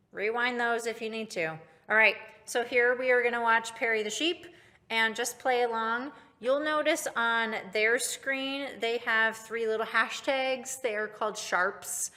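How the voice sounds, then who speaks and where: Woman music teacher, crisp bright tone, average pitch, upbeat and instructive with kids. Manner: upbeat, instructive, speaks directly to pupils. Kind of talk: online recorder lesson for children.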